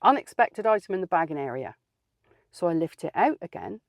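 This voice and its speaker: A woman's voice: lowish voice, very animated, a little fast, no room sound. A woman playing a feisty, outspoken older lady, telling a comic story in a dry, sardonic way. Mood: wry. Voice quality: dry, plain-spoken and sardonic. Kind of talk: comic character monologue.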